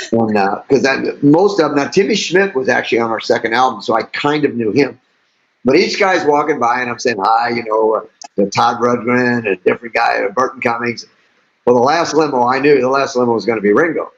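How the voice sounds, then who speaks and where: An older man, a musician guest, telling animated stories in an interview with frequent laughter. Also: medium pitch. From St. Louis, USA. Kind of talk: storytelling interview. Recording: dull lo-fi audio.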